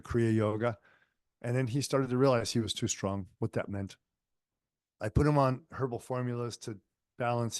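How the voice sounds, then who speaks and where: A man's voice: on the low side, darkish tone, dry recording, studio quality. A man teaching an online spiritual healing lecture in a conversational, story-telling way with frequent fillers. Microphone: online lecture microphone.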